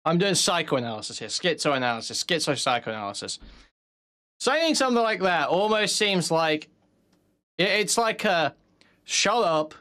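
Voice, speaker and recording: A man's voice: a little high, expressive, normal speed, bright, forceful tone. A man doing casual stream commentary, wry and analytical, often laughing.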